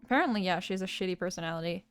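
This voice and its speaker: A woman's voice: on the low side, racing, clean tone, no echo, faint music behind. A woman chatting casually and bluntly while playing a game, swearing freely. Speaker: co-player. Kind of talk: casual gameplay chat.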